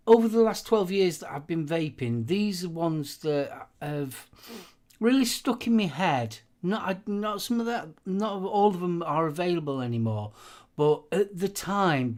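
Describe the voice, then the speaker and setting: Rambling, halting man host. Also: fairly high pitch. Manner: rambling, halting, many fillers. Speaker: livestream co-host. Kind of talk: casual chat, sharing favourites.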